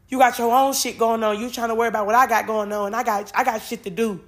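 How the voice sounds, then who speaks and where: A woman's voice: fairly high pitch, fairly even intonation, quick pace, few pauses. A woman, reading Bible verses and talking emotionally and informally, swearing freely, on her spiritual podcast.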